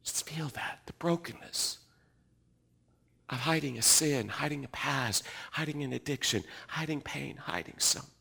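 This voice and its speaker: Male pastor, middle-aged, bright tone, dynamic sermon delivery with loud and hushed passages. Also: a little high, unhurried, creaky, breathy edge. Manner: swings from loud emphatic preaching to hushed, near-whispered reflection.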